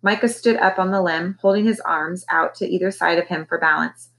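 A woman teacher reading a children's novel aloud with expressive storytelling. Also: on the low side, fairly quick, creaky, few pauses, poor audio.

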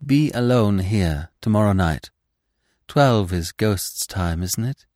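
A man's voice: fairly low pitch, expressive, slow, darkish tone, no echo, clean studio sound. A man reading the lines of a ghostly young woman, a witch burned long ago and a devoted lover, with a tender, pleading manner. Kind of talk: dramatic audiobook reading.

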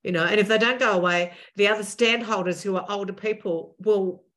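A woman in her sixties, a podcast guest, talking in an assertive, animated way and acting out what people would say. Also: mid-range voice, brisk. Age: 60s. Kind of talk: animated interview talk.

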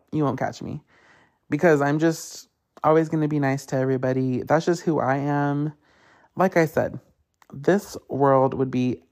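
Gravelly-voiced man ranting casually. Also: medium pitch. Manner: animated, profane storytelling; acts out others in quotes. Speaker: podcast host. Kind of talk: casual solo rant.

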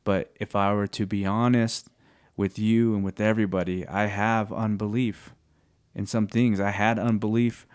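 A man sharing scripture in casual faith talk, earnest and halting, often searching for words. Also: fairly low pitch, little pitch movement, a little mellow, clean tone.

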